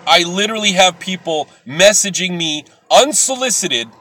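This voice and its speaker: A middle-aged man hosting a live video, talking bluntly and preachily to viewers with some swearing, swinging from loud outbursts to soft, earnest stretches. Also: high voice, animated, normal speed, no room sound. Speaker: livestream host.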